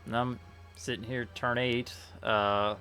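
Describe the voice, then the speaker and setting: A man streaming a tactics game, thinking aloud in a relaxed, casual way with many fillers. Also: mid-range voice, measured pace. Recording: faint game music behind.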